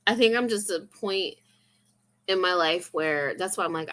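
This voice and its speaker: Young woman, vlog chat, rambling and confessional, lower pitch, bright tone. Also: normal speed. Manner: rambling, confessional, full of fillers. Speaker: vlogger. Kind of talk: casual chat.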